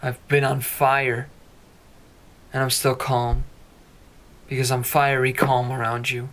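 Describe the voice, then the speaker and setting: Earnest rambling young man, flat delivery. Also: medium pitch, slow pace. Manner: earnest, rambling, repeats phrases. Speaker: amateur web radio speaker. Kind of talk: emotional personal monologue. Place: apartment.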